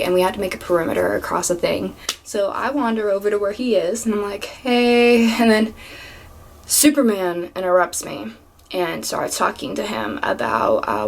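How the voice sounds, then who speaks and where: A young adult woman telling work stories in a casual storytime vlog, animated and swearing freely, sometimes dropping to a whisper for asides. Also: medium pitch, vocal fry. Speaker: vlogger. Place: home room with a fan.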